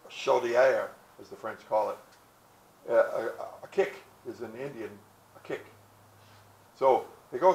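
A man's voice: medium pitch, moderate pace, a bit bright, reverberant, low-quality recording. A man giving a history talk outdoors, telling stories in a folksy way and acting out the characters. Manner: storytelling, folksy, acts out characters with hesitations. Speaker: presenter.

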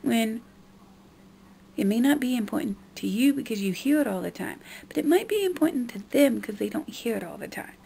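A young woman venting to her camera with a frustrated edge, talking at a middle pitch. Her voice has a gravelly, fried texture, and a faint hiss of noise sits under it. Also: animated, fast, hardly any pauses, warm tone. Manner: frustrated, mimicking others in a high nagging voice. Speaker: vlogger. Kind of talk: venting monologue.

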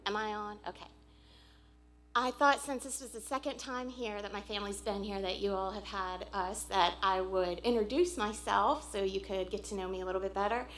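A woman in her forties stands before a church congregation and talks in an earnest, heartfelt way, with frequent "um" pauses. Her voice sits at a middle pitch for a woman. The church room adds a clear echo. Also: fairly even intonation, a bit bright, slight background noise. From Pennsylvania. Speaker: visiting churchgoer addressing the congregation. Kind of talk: informal church speech. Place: church sanctuary.

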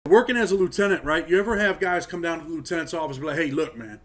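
A man hosts the conversation in casual street slang, drawing his guest out with leading questions. His voice sits a little higher than most men's. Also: rapid-fire. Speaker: podcast host, former prisoner. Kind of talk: casual interview chat.

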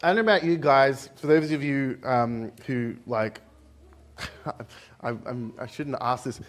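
A young Australian pastor with an Australian accent gives a conversational sermon in a church hall. His medium-pitched voice takes things slowly as he jokes and acts out the voices of people in the story.

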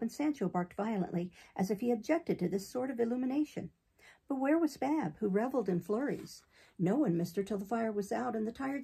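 A woman reading a classic novel aloud in a steady, unhurried way. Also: medium pitch, gravelly, slightly rough. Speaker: audiobook reader.

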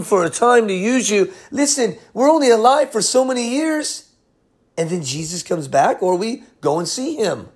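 A man preaching a casual verse-by-verse sermon, animated and jokey, often dropping into quick character voices. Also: high-pitched, slightly rough. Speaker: pastor and bible teacher.

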